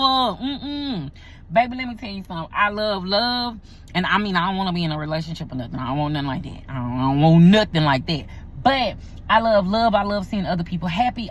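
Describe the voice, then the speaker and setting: A woman, a pastor and vlogger, talking casually and emphatically to her viewers, repeating herself for effect. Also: mid-range voice. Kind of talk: casual talk to camera.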